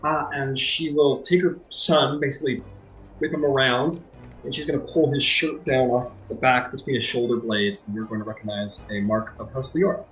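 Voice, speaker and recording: A man narrating as game master in a casual, halting way with many fillers. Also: mid-range voice, steady tone, a bit bright. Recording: echoey room, faint music.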